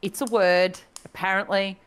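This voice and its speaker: A woman's voice: medium pitch, steady tone, moderate pace, a bit bright, clear, resonant tone. A woman co-hosting a casual video game podcast, wry and chatty, laughing often. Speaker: podcast co-host. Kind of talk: casual chat.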